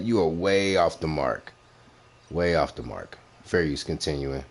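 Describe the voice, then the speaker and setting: Very deep-voiced man ranting over clips. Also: animated, a little slow. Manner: blunt, repetitive, mocking. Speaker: commentary host reviewing clips. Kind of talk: profane reaction commentary.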